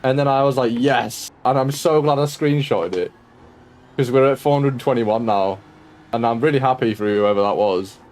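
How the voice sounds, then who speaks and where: A man's voice: medium pitch, normal speed, a little mellow. A man streaming a sim racing session, tired and yawning, chatting casually and joking with viewers he greets by name. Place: at home.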